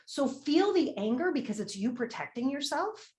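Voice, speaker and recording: Running a money-mindset workshop, a woman talks at normal speed in a high, very animated voice that's a little mellow. She's frank and forceful, swears offhandedly, and repeats a question to prompt her audience in this motivational session.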